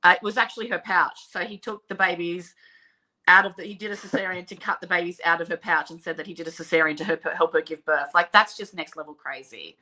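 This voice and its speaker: An Australian woman hosting a casual chat, talking in an animated way and often trailing off mid-sentence. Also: on the low side, quick pace. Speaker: host.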